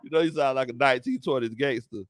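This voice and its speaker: A sports talk show host talks fast in a medium-pitched voice while hosting a casual live-stream sports chat. He reads viewer comments out loud and laughs a lot, and there's no room sound on the recording.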